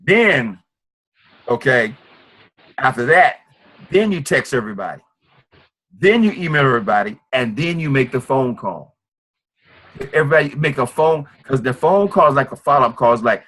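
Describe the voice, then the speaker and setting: A man's voice: on the high side, a little fast, a bit bright. A man giving a motivational sales presentation at a business meeting, emphatic and repetitive. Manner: emphatic and repetitive, preacher-like drive.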